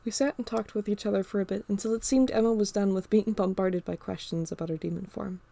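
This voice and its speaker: A woman narrating an audiobook in a steady storytelling read. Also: mid-range voice, fast talker, creaky, dry recording.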